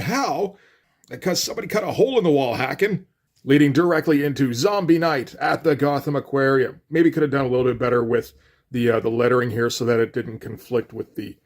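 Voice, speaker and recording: Speaking at a medium pitch, a man loosely recaps a comic book issue, retelling its scenes and quoting characters in a casual, conversational style.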